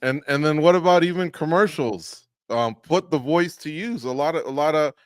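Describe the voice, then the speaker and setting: A man's voice: fairly high pitch, moderate pace, no echo, studio quality. A man hosting a radio interview, friendly and joking, hyping up his guest. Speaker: radio show host.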